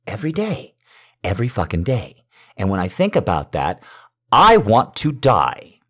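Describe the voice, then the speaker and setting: A man speaking to a partner in an intimate role-play monologue, earnest and pleading, swinging from hushed to loud. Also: on the low side, wildly swooping pitch, measured pace. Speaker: partner persuading someone to have a baby.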